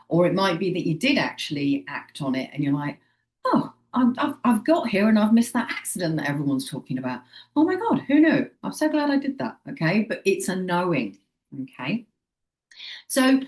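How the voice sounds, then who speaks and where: A woman talking straight to camera as a psychic medium, chatty and animated, acting out little quoted thoughts and checking in with "okay?". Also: medium pitch. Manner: chatty, acts out quoted inner voices, frequent "okay?". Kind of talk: casual direct-to-camera advice.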